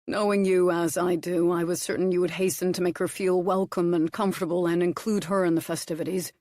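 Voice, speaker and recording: Brief: woman as a composed earl, smooth and dry, low-set, close dry read. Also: level tone, brisk, warm tone, no echo, natural voice. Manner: smooth, dryly amused. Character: smooth, controlled English earl, a man.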